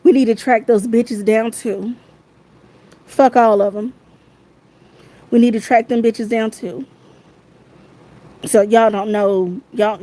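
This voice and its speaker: A woman rants angrily into her phone on a livestream, swearing freely and circling back to the same phrases again and again. Her voice is warm and mellow, with a soft, dark tone even as she gets heated. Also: mid-range voice, rough recording. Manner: heated, profane, repeats phrases. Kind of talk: angry livestream rant.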